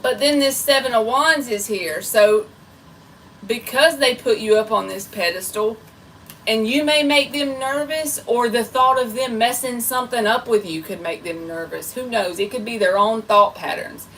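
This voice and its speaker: A woman's voice: on the high side, moderate pace, a bit bright, far from the mic, rough recording. Woman, tarot reader, playful, chatty, a little off-mic, faint background hiss. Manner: chatty and playful, self-described goofy. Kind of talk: live tarot reading.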